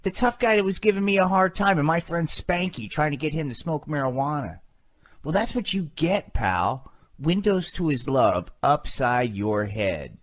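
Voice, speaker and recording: A gruff trash-talking jesus puppet, low growl then yelling big and lively. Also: normal speed. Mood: gruff menace. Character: tough-guy Jesus puppet brawling with Satan. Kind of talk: puppet show comedy. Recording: submitted home video.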